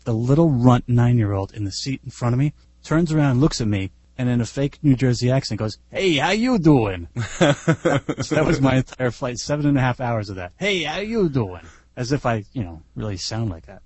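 A man with a mellow, slightly husky voice guests on a casual podcast. He tells lively, self-deprecating anecdotes into a close, dry mic. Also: medium pitch, fairly quick, few pauses, dry recording.

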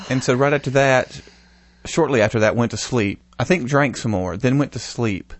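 A man's voice: mid-range voice, moderate pace, dry recording. Guy cohosting a podcast w the hiccups, jokey storyteller, dead dry room. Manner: joking, storytelling. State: has the hiccups. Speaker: podcast co-host. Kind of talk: casual chat.

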